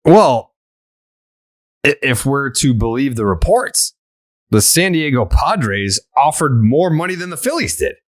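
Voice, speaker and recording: A man hosting a sports podcast, ranting in a profane, animated way in casual chat. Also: medium pitch, a little slow. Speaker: podcast host.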